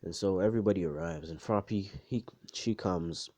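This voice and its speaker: A man's voice: sits low, moderate pace, dark tone. A young man casually telling an improvised fan story, rambling and profane with lots of filler and slang. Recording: dull lo-fi home recording.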